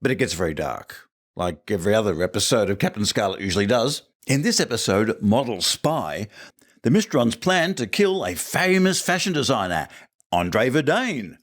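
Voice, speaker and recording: A man's voice: fairly low pitch, big pitch swings, normal speed. A man giving a jokey, wry episode review as a listener contributor. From Australia.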